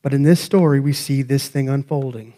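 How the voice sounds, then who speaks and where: A man's voice: medium pitch, steady tone, fairly quick, warm tone. A man pastor preaching a sermon in a church, talking conversationally and joking with the congregation. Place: church sanctuary.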